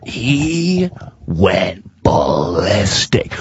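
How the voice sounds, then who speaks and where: A man, a comedian guest on a talk radio show, telling a story in an excitable, animated way. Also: medium pitch, moderate pace, highs cut off.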